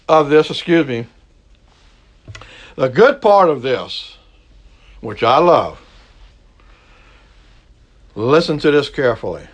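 A middle-aged man with a Southern Cajun accent, preaching a sermon in a slow, folksy way and stretching out his key words. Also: a little high. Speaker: pastor.

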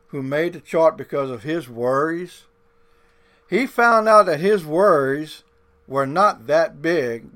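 A man's voice: fairly high pitch, fairly bright tone. A male pastor delivering a sermon, drawing out key words and repeating points, with folksy grammar. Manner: deliberate, drawn-out emphasis with folksy grammar.

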